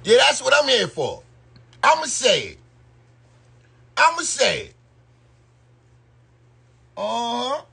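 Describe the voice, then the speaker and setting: A man's voice: extremely high pitch, sing-song, takes it slowly, gravelly, pauses often, pushed and bright, husky. A man giving loose, slangy live-stream commentary and talking straight to his viewers. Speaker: YouTube commentator.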